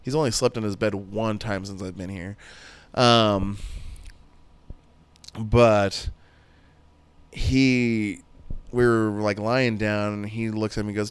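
A man's voice: lowish voice, fairly even intonation, takes it slowly, long pauses, clean tone, dry recording. A man in his thirties hosting a podcast solo, rambling and joking crudely in casual chat. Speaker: podcast host.

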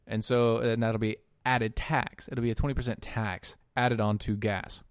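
A man giving opinion commentary, halting often with fillers and dropping into sarcastic muttered asides. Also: medium pitch, flat delivery, smooth, no echo, clean studio sound. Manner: sarcastic asides muttered under his breath; halting, with frequent fillers and restarts. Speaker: political commentator.

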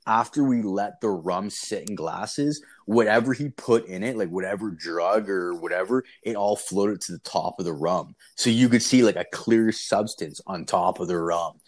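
A man's voice: sits low, moderate pace, hardly any pauses. A man casually telling a long story, rambling and swearing, often laughing as he goes. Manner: rambling, profane, laughing as he tells it.

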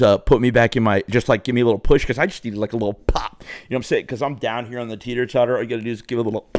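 A man's voice: mid-range voice, dry recording, clean studio sound. A young man telling a rambling, profane story to his viewers in a casual way. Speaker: vlogger.

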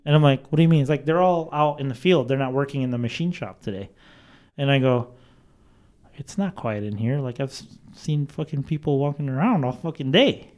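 A man telling a story in casual chat, animated and profane, acting out the people he quotes. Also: medium pitch, a little fast.

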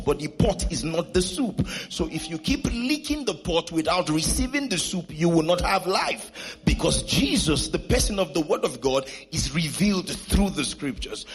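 A man preaching a sermon from scripture, with emphatic, sing-song repetition that rises into shouting. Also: on the high side, breathy edge. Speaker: pastor.

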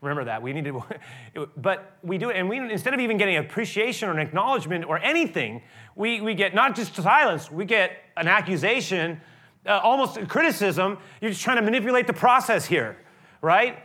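Bright-voiced male pastor preaching. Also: high-pitched, big pitch swings, a little fast. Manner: conversational preaching, restarts, rises to emphatic peaks. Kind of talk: sermon.

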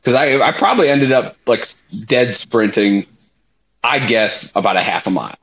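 A young man on a podcast, telling a story in a loose, animated way, swearing freely and using lots of fillers. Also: mid-range voice, normal speed. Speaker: podcast co-host. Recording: slightly muffled podcast audio.

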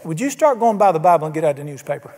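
Older pastor, emphatic folksy sermon delivery, slightly high voice, church reverb. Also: male voice, sing-song, rapid-fire, darkish tone. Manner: folksy, emphatic, asks the congregation questions. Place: church sanctuary.

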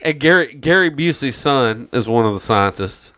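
A man's voice: medium pitch, expressive, normal speed, fairly bright tone. A man on a casual podcast, ranting about a movie with heavy swearing and mocking quotes. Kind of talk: casual chat.

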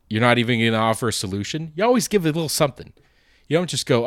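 Host type, late 20s man, lowish voice, loose profane rambling delivery, dry close sound. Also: animated, very fast, fairly bright tone, no room sound. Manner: rambling, profane, self-deprecating. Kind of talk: casual solo monologue.

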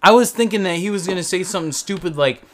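High-voiced young man telling a rowdy story. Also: quick pace. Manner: animated storytelling, re-enacting his own quotes, swearing. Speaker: podcast co-host. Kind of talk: casual chat.

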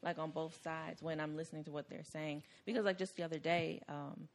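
Thoughtful woman with a lowish voice. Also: fairly even intonation. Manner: thoughtful and measured. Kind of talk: casual group chat.

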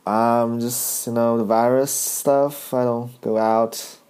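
A man's voice: mid-range voice, steady tone, takes it slowly, a little mellow, clear, resonant tone, close to an everyday voice. A man quoting an old woman at a sauna in a plain, matter-of-fact way.

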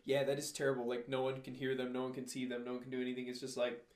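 A young man chatting casually about a movie, relaxed and full of fillers. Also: mid-range voice, very fast, echoey room. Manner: relaxed, filler-heavy, mild swearing substitutes.

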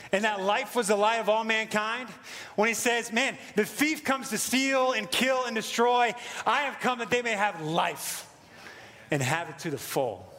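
American guy preaching, high voice, chatty and excited, lots of um and you know. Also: in a large hall. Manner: casual, excited preaching with many fillers. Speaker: pastor. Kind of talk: sermon.

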